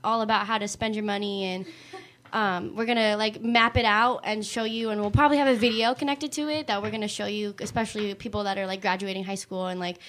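A woman's voice: medium pitch, steady tone, fast, a bit bright, slight background noise. A teenage girl hosting a talk show, rambling casually and giggling between plugs. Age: teens. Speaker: host. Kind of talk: casual chat.

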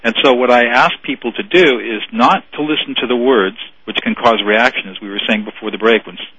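Man, radio guest, earnest, restarts phrases, husky, dry lo-fi sound. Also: fairly low pitch, bright, forceful tone, dry recording. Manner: earnest, repeats words while explaining. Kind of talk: explanatory radio interview.

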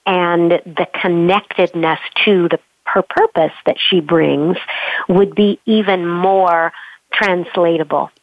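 A woman voice coach being interviewed, talking expressively and sometimes showing pitch changes with her own voice. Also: takes it slowly, no room sound, highs cut off. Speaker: voice coach guest. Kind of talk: remote interview conversation.

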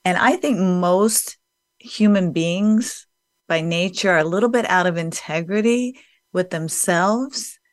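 A woman's voice: on the low side, slow pace, dry recording, clean studio sound. A woman hosting an interview, chatty and emphatic as she asks questions and shares her view. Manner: chatty, emphatic, works with busy professionals. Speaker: host. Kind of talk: conversational interview.

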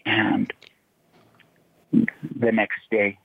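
A low-voiced man with a gravelly, creaky edge tells his story as a radio guest over a tinny phone line. He talks haltingly and keeps restarting his sentences. The sound is dry and close, with no room around it. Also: fairly even intonation, dry recording. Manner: halting, with many repeated restarts. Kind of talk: emotional personal account.

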